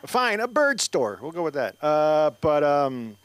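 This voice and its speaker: Middle-aged man, mexican-american, stand-up comic, slightly high voice, wry self-deprecating delivery. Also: sing-song, unhurried, clean tone, dry recording. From United States, Mexican-American. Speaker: stand-up comedian. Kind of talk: stand-up comedy. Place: comedy club stage.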